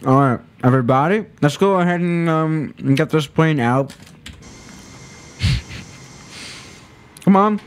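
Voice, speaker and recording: A man's voice: fairly high pitch, slow pace, pauses often, smooth. A man chatting casually on a live stream while playing a flight simulator, rambling and correcting himself as he goes. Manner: rambling, self-correcting, laid-back.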